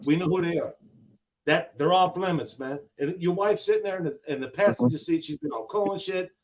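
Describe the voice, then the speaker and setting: A man's voice: high-pitched, fairly quick, a little hiss or hum. An older man with grandkids, talking in a heated, emphatic way on a casual live stream, full of slang and repeated lines. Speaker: guest on a live gig-driver talk show.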